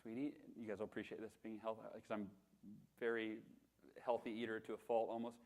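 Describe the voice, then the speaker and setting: A man in his thirties giving a motivational keynote, telling animated, self-deprecating stories with acted-out quotes. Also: fairly low pitch, quick pace. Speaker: motivational speaker. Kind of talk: storytelling keynote presentation.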